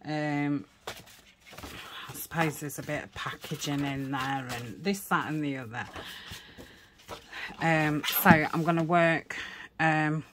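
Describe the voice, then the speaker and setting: A woman chatting casually while crafting, rambling with many fillers and dropping into soft whispered asides. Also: deep voice, fairly even intonation, takes it slowly, long pauses, noisy background. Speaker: crafting vlogger.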